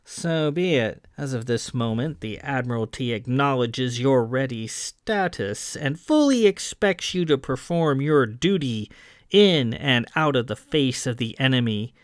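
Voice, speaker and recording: A haughty, somber fleet adjutant, as a male reader plays him, drawling each word slowly. The voice sits higher than the reader's own. It is recorded close and dry. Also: expressive, dry recording, natural voice. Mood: haughty formal. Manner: slow, drawling.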